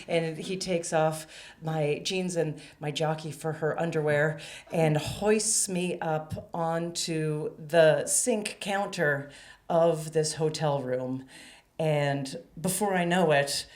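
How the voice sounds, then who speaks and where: A woman telling a personal story on a small theater stage, lively and acting out her own dialogue. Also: slow pace. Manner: animated, acts out dialogue in a high excited voice. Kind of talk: live storytelling.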